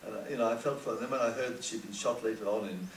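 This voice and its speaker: Older male panelist, halting reminiscence, echoey distant recording. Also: on the low side. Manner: halting, repeats words often. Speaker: panel guest. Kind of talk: reflective panel talk. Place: conference hall. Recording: roomy hall, distant mic, faint hiss.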